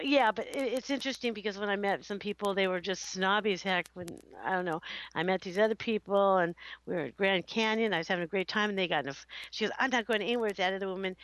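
A woman hosting a casual chat, talking in an animated, rambling way with frequent laughter. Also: medium pitch, no room sound, low-quality recording. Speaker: host.

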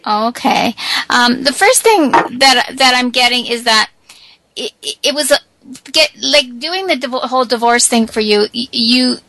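A woman psychic reader gently giving a caller a reading, stumbling and repeating her words. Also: a little high, unhurried, dry recording, poor audio.

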